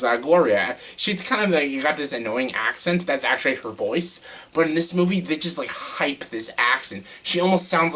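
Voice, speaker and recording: A man's voice: medium pitch, sharp tone. Ranting young male movie reviewer. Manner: exasperated ranting, heavy use of "like", swears often. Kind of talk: casual spoken review.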